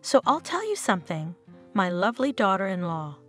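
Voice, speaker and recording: A woman's voice: mid-range voice, very animated, fairly quick, a bit bright, faint music behind. A woman voicing a spiteful, scheming older mother-in-law who mocks as she speaks. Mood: venomous. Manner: venomous, mocking.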